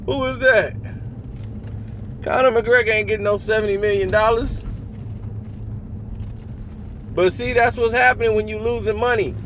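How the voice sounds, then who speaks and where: A man hosting his own commentary channel, talking in an animated, argumentative way and laughing often. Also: high-pitched, fast, slight background noise. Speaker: boxing commentary channel host. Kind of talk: opinionated casual commentary.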